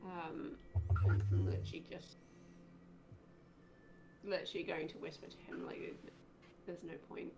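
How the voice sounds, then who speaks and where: A woman's voice: low-pitched, sing-song, normal speed, long pauses, background noise. A woman playing a tabletop game, describing her character's moves hesitantly with many fillers. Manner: hesitant, lots of "like" and "literally". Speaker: player. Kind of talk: casual tabletop play.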